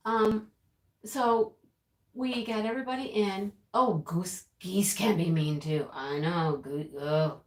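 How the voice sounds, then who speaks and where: A woman's voice: mid-range voice, steady tone, takes it slowly, close to an everyday voice. An actress playing a chatty middle-aged woman who tells viewers a dramatic rooster story in a breathless, giggling way. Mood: animated. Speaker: livestream storyteller. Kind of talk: sketch comedy monologue to viewers. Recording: roomy echo.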